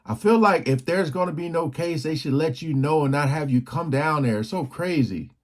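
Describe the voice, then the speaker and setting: Relaxed man chatting in reaction. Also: fairly high pitch, moderate pace, very noisy. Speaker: reaction video host. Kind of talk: casual reaction commentary.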